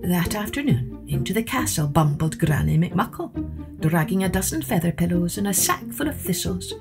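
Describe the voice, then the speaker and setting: A woman storyteller reading a picture book aloud in an expressive, rhythmic way. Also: on the low side, moderate pace, creaky, over music.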